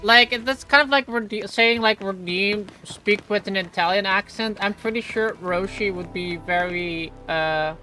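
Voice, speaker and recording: A woman streaming a video game live, chatting to her viewers in a rambling, halting way full of fillers. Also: mid-range voice, pushed and bright, faint music behind. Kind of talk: casual live-stream gaming chat. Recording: clear background noise with clicks.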